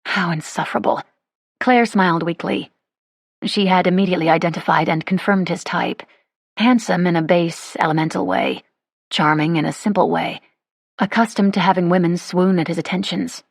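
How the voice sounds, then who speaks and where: A woman reads an audiobook in a measured, wry way. Her voice is low and husky. It is close-miked and dry, with no room sound. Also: fairly even intonation, no room sound. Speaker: audiobook narrator. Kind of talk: scripted narration.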